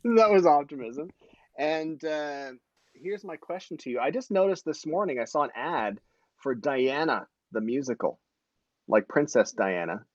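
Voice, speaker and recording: A man's voice: mid-range voice, measured pace, dry recording, dull audio. A man in his forties hosting a casual live-stream chat, rambling and joking, often correcting himself mid-sentence. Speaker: host.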